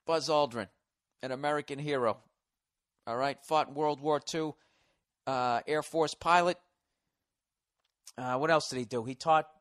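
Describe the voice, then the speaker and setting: A man's voice: a little high, fairly bright tone. A man in his forties hosting a show, riffing through a profane comedic rant. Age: 40s.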